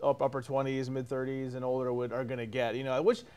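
A man in a casual film review chat, agreeing readily and adding quick points. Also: medium pitch, fairly even intonation, a little mellow, smooth. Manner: agreeable, quick back-and-forth with affirmations.

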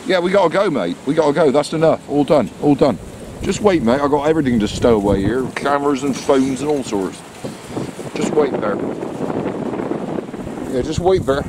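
A man's voice: mid-range voice, expressive, moderate pace, pauses often. Chatty man in the wind. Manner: chatty, muttering to his dog. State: out of breath. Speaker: dog walker filming outdoor vlog. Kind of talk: casual talk to his dog. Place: outdoors on a windy hill. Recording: wind noise on outdoor camera mic.

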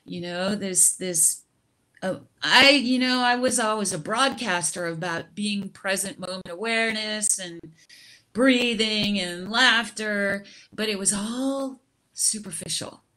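A middle-aged woman on a video call, sharing her personal experience slowly and reflectively, with frequent laughter and restarts. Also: mid-range voice, pushed and bright.

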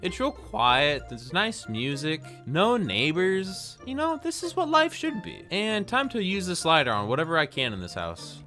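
A man's voice: fairly high pitch, bright, forceful tone. A young man giving playful, jokey let's-play commentary, talking to himself with sudden yelps. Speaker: gaming YouTuber.

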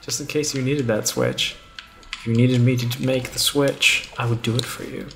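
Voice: medium pitch, steady tone, normal speed, vocal fry, a bit bright, slight background noise. A co-host of a gaming channel chatting casually through a let's play, joking and laughing often. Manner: playful, laughs often, jokey bits.

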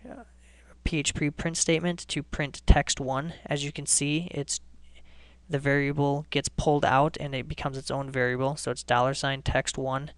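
Smooth-voiced man explaining code, flat delivery. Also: mid-range voice, no room sound. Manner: relaxed step-by-step explaining with restarts. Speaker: coding tutorial host. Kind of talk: screencast programming lesson.

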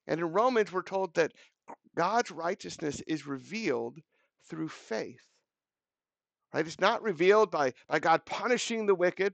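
A pastor gives a daily devotional message, telling a story earnestly and acting out each quote. His voice is a little high with a gravelly grain. The sound is dry and close. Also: fairly bright tone, no echo.

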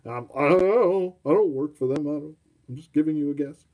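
A man's voice: on the high side, fairly quick, a little mellow. A man hosting a live toy showcase, chatting casually in a rambling, self-mocking way and talking to his dog. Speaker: toy collector host.

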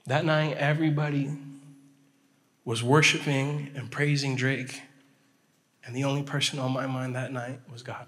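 A male pastor telling a story in a sermon, animated and checking in with his listeners as he goes. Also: mid-range voice, measured pace, long pauses. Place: chapel hall. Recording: long hall reverb.

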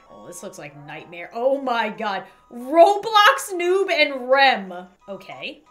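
A young woman narrating her video game play in an excitable, giggly, dramatic way. Her bright, high voice swoops across a wide range. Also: takes it slowly, hardly any pauses. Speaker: gaming YouTuber. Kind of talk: gaming commentary.

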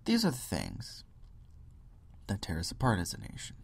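A man's voice: low-pitched, huge pitch swings, moderate pace, gravelly, husky. A man ranting sarcastically to camera in a video blog, often breaking into mock quotes. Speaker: vlogger. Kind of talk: political rant to camera.

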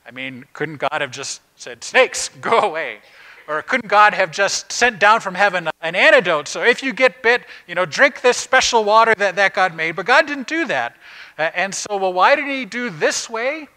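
A male pastor giving a relaxed, conversational sermon, often turning to the congregation with rhetorical questions. His voice sits a bit higher than most men's and has a bright, forceful edge. He speaks in plain words and drops in small "uh" fillers. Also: normal speed, poor audio. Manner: plain, everyday wording with frequent "uh" fillers.

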